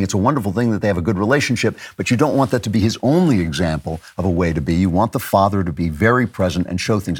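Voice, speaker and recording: A man hosting a show, answering listener questions in an unhurried, halting way with many fillers. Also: lowish voice. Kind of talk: casual commentary.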